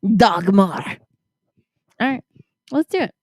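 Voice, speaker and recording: A woman's voice: mid-range voice, expressive, normal speed, no room sound, clean studio sound. A drunk woman chatting casually on a podcast, giggling and rambling into a handheld mic. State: tipsy, drunk. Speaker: guest reader.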